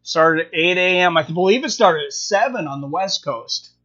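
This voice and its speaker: A man with a high voice hosts a live stream, talking casually and answering viewers' comments. He thinks out loud, circling back with fillers and restarts. The sound is dull and lo-fi. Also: animated, normal speed. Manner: rambling, thinking aloud with many fillers and restarts.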